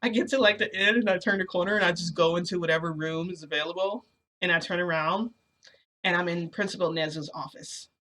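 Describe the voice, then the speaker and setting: A woman's voice: lowish voice, a little fast, a bit bright. A woman telling a personal story in a casual, rambling way, full of fillers. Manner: rambling, lots of fillers like "like" and "you know". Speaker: storytelling vlogger.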